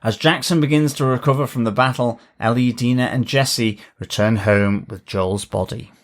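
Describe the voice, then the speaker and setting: A man's voice: mid-range voice, steady tone, moderate pace. A man co-hosting a TV review podcast, reading a plot recap and then chatting with wry asides. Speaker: podcast co-host.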